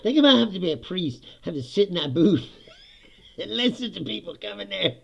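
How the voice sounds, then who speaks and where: Man host, casual profane rant, gravelly and animated; dull lo-fi recording. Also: high voice, a little fast. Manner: profane, laughs often, animated. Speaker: podcast host. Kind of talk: casual ranting monologue. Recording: dull lo-fi sound.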